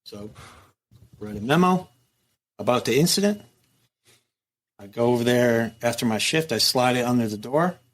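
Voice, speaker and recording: A middle-aged former prison captain tells war stories in a casual interview, his mid-range voice moving at normal speed with long pauses. He is animated and profane, swearing freely and acting out the dialogue he quotes.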